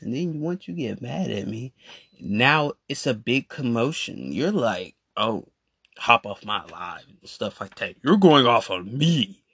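A man ranting casually in a voice message, animated and repetitive with slang. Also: medium pitch, moderate pace, slightly rough, dry recording, clean studio sound. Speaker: podcast host. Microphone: phone voice message.

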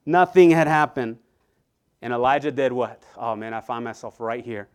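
Animated, clear-voiced male preacher. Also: medium pitch, moderate pace. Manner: animated preaching with frequent repetitions and asides to the congregation. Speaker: pastor. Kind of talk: sermon.

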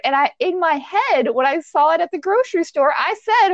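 A woman's voice: sits high, expressive, a little fast, hardly any pauses, no room sound. A woman co-hosting a podcast in casual chat, teasing her friend and trailing off mid-thought. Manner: chatty, teasing, trails off and restarts. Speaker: podcast co-host. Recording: dry, dull lo-fi sound.

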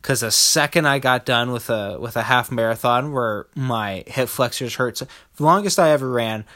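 A man's voice: medium pitch, moderate pace, sharp tone. Male podcast host, solo comedy rant, crude and rambling, laughs a lot.

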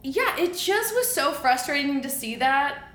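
A woman's voice: high voice, animated, a little slow, a bit bright. A young woman co-hosting a podcast, chatting casually and animatedly. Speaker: podcast co-host. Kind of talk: casual chat. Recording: echoey room.

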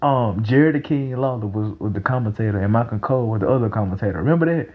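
A young man talking in a casual, rambling monologue, excitable and profane, breaking into loud laughs. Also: medium pitch, fast talker, narrow, tinny audio. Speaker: vlogger.

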